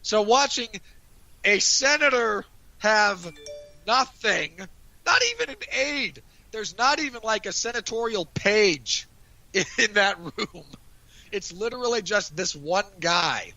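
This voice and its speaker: A man's voice: high voice, animated, takes it slowly, vocal fry, pushed and bright, no room sound, highs cut off. A man chatting casually on a podcast, animatedly recapping a TV episode and acting out lines of dialogue. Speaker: podcast co-host. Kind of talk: casual review chat.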